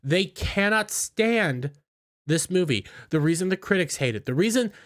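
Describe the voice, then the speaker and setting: A man's voice: high-pitched, lively intonation, normal speed. A man giving opinionated commentary in an indignant, scornful, ranting manner. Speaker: YouTube commentator.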